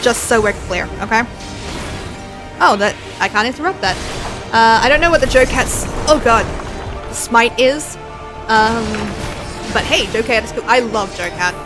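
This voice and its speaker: A woman's voice: a little high, animated, unhurried, pauses often, over music, poor audio. A woman from Australia with an American accent, chatting bluntly and swearing freely while she plays a game on a live stream. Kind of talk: casual live-stream chat while gaming.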